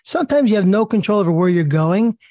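A man's voice: high voice, expressive, fast, mellow, no echo, clean studio sound. A man with a New Jersey accent hosting a casual faith chat, making homely comparisons and joking. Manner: chatty, jokes with homely comparisons.

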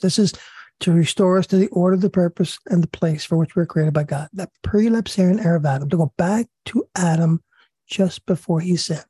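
Male study leader, raspy and mellow, earnest reading with asides, dry sound. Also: high-pitched, no room sound. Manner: earnest, repeats himself, pauses with fillers. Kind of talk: religious study talk, reading and commenting.

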